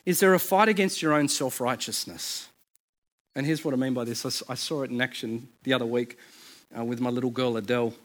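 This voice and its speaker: A man, a pastor in his thirties, preaching a sermon in a conversational, storytelling way with quick asides and restarts. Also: mid-range voice.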